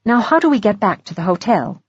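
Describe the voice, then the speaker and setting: A woman narrator voicing an older grandmother spy who speaks in quick, anxious exclamations. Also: mid-range voice, sing-song, slightly rough, lo-fi sound, full character voice. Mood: urgent.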